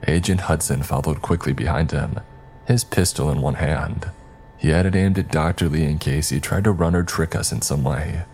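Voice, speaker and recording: A man narrating a scary story in a steady, even storytelling manner. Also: a bass voice, normal speed, slight background noise. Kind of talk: scripted narration.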